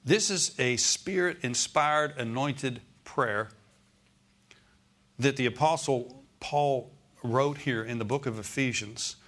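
Taking his time, a male American pastor with a medium, fairly bright voice preaches to a congregation in a church sanctuary. He speaks emphatically, repeats key phrases, and asks the room if they follow.

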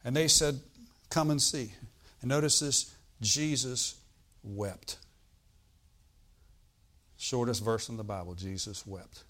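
A man preaching a sermon, reading scripture aloud and explaining it, swinging from loud bursts to quiet asides. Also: mid-range voice, slow. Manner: animated preaching, bursts loud on quoted lines then drops quiet; reads old-style scripture, asides with "all right?".

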